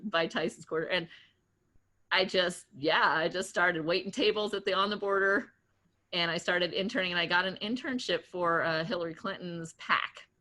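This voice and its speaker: A woman in her late thirties, a guest entrepreneur in an interview, telling stories in a chatty, animated way with lots of laughs, fillers and restarts. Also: on the low side. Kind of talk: casual interview storytelling.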